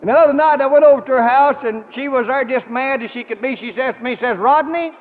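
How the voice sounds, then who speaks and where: A man's voice: very high voice, steady tone, fast talker. A man telling a folksy comedy monologue on a live stage, drawling his punchlines and laughing at his own jokes. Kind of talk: rural stand-up comedy monologue. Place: large auditorium stage with live audience. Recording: tinny, noisy 1950 radio broadcast with hall echo.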